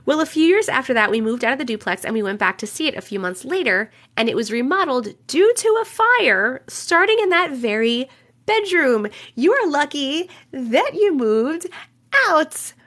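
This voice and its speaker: A woman's voice: sits high, very animated, fairly quick, fairly bright tone. A woman live-streaming from home, chatting with viewers and reading their stories aloud, swearing casually and laughing as she reacts. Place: home room, alone.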